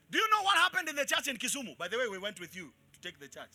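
Very high, bright-voiced preaching man. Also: very animated, rapid-fire, hardly any pauses. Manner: loud call-and-response preaching, swinging from shouts to quiet asides. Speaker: pastor. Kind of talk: live sermon to a congregation. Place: church in front of a congregation.

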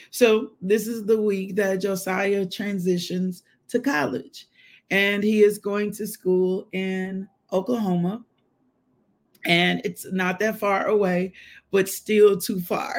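A woman hosts a live devotional. She is emotional and exclamatory, breaking into spoken prayer and shouts of praise. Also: medium pitch. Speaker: devotional host.

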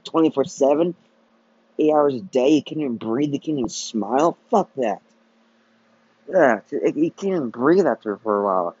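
A man's voice: mid-range voice, lively intonation, normal speed, darkish tone, husky, no echo. A man hosting a solo podcast, ranting in a profane, repetitive way and often restarting his sentences. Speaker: podcast host. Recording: dull lo-fi recording.

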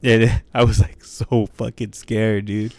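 A man's voice: on the low side, flat delivery, slow, a little mellow, no room sound. A young man telling a story in casual chat, laid-back and loose, swearing a lot and saying dude and bro.

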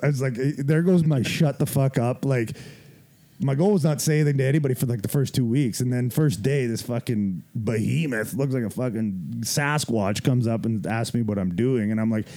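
A man's voice: medium pitch, brisk. A man casually telling a gym story on a podcast, swearing freely, laughing and acting out what people said. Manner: profane, laughing, animated retelling with quoted voices.

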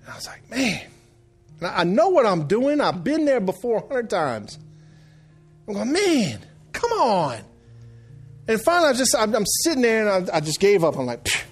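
Storytelling pastor with shouted bursts. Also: male voice, sits high, sing-song, a little fast, husky, faint music behind. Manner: storytelling, swings from quiet to loud shouted bursts. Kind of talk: sermon.

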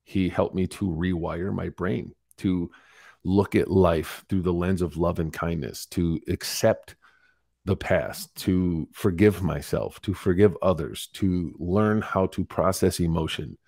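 In a storytelling interview, a lower-voiced man in his forties talks candidly as a podcast guest, acting out quotes with animation as he recounts his story. He takes it slowly with vocal fry, and the sound is dry and close with no room or echo.

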